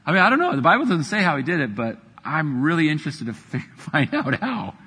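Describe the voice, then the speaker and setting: A man's voice: fairly high pitch, sing-song, a little fast, pushed and bright, breathy edge, in a large hall. A man preaching a sermon as a pastor, playful and jokey, acting out the people in the story.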